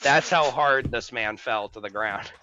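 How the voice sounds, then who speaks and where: A man's voice: medium pitch, unhurried, bright, forceful tone, dull audio, slight background noise. A young man telling a long story in casual podcast chat, swearing freely and laughing as he goes. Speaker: podcast co-host.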